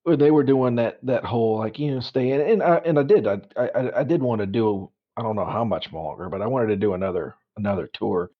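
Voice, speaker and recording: A man's voice: lowish voice, fairly quick, hardly any pauses. A man co-hosting a podcast, chatting casually, joking and swearing, laughing often. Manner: laughs a lot, profane and joking. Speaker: podcast co-host. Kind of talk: casual chat. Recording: dull lo-fi podcast audio.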